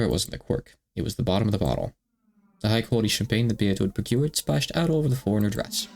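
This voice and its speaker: Low-voiced male streamer reading narration. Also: gravelly, slight background noise. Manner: plain, even reading with wry asides. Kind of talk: visual novel narration.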